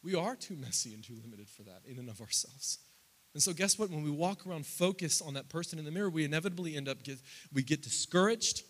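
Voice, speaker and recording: A man in his thirties preaching a sermon, climbing loud and high through lists and quoted prayers, then dropping low and quiet. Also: lively intonation, fast talker. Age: 30s. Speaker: pastor.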